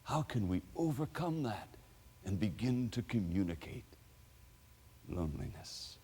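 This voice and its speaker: A man's voice: on the low side, sing-song, a little slow, warm tone, husky, big-room sound. A man preaching a sermon as a pastor, telling stories expressively and acting out the people he quotes.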